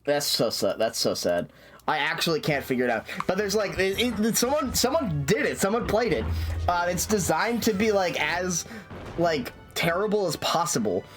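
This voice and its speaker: A man's voice: sits high, very animated, moderate pace, a bit bright, faint music behind. Rambling, swearing male streamer. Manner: rambling, profane, many fillers and restarts. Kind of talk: casual stream chatter.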